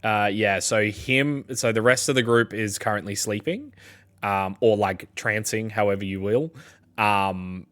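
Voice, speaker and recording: A man with an Australian accent narrating as game master, slow and full of fillers. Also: on the low side, a bit bright. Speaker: dungeon master.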